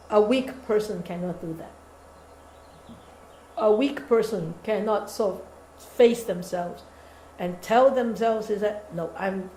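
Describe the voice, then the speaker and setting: A woman meditation teacher gives a dharma talk with a mellow, relaxed tone. She talks in an animated way, quizzing her listeners and acting out the voices in their heads, with slightly non-native English phrasing. The recording has an echoey hall sound and faint room noise. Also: medium pitch. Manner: animated, engaging the audience with questions and quoted inner voices.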